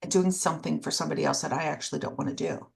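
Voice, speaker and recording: A woman's voice: low-pitched, steady tone, rapid-fire, gravelly. A woman co-hosting a podcast, speaking candidly about herself with self-deprecating humor and dry sarcasm in casual conversation. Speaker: podcast co-host. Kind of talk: casual chat.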